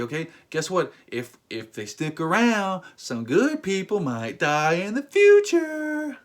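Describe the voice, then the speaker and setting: A man's voice: high-pitched, huge pitch swings, measured pace, hardly any pauses. A man reviewing a film in a ranting commentary, incredulous and emphatic, with sudden exasperated outbursts. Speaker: movie reviewer.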